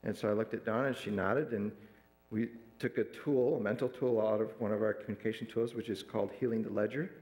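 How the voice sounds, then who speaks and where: A man's voice: lowish voice, fairly even intonation, fast, a little mellow. Man preaching in a roomy church. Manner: retells a counseling story, acting out quoted dialogue. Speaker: pastor. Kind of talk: sermon storytelling. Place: church sanctuary.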